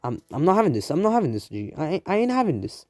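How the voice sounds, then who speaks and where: A man's voice: high-pitched, huge pitch swings, quick pace, darkish tone, no echo, clean studio sound, voice pushed up. A man voicing a slangy, blunt teenage ninja. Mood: exasperated. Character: teenage ninja boy, dazed then fed up.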